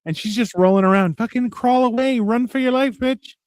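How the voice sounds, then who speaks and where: A man's voice: very high voice, brisk, a little mellow, clear, resonant tone, dry recording. A man co-hosting a casual movie watch-along, joking and swearing freely. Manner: joking and profane, with mocking voices for characters. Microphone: live stream microphone.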